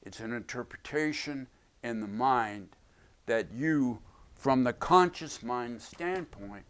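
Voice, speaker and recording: A man gives an explanatory video lecture at an unhurried, deliberate pace. His voice sits in an ordinary middle pitch, and he leans on key words and says them again to drive his points home. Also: lively intonation, a bit bright. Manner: emphatic, repeats key phrases. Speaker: self-help teacher.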